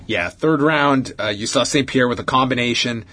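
A man's voice: mid-range voice, normal speed, bright, forceful tone. A man hosting a casual talk show, recapping an old fight in detail with frequent fillers.

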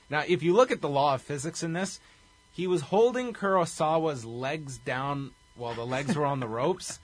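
A man's voice: medium pitch, a bit bright, husky, dry recording. A man co-hosting a casual podcast, recapping a wrestling show with a wry, chuckling delivery. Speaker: podcast co-host.

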